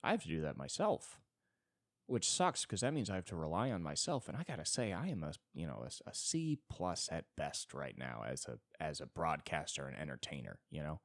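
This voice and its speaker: Low-voiced rambling man, very animated. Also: normal speed, no echo, clean studio sound. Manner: rambling, self-deprecating, swings into sudden high-pitched bits. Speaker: podcast host. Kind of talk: solo comedic monologue.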